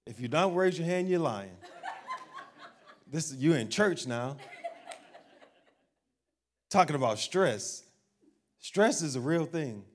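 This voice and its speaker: Conversational preacher with a lively delivery. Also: male voice, fairly high pitch, slow pace, long pauses, slight background noise. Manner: conversational preacher, asking the crowd questions and acting out everyday voices. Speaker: pastor. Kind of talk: sermon.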